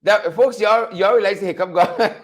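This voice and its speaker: A man hosting an unscripted political commentary show, mocking his subjects, laughing often and repeating phrases for effect. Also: high-pitched. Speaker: show host.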